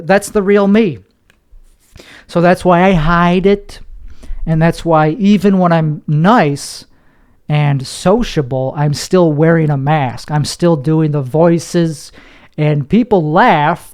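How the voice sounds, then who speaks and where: A man's voice: fairly high pitch, a little mellow, clear, resonant tone. A young man hosting a podcast, rambling through a confessional monologue, swearing and mocking himself. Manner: rambling, self-mocking, profane, slips into put-on voices. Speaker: podcast host, comedian.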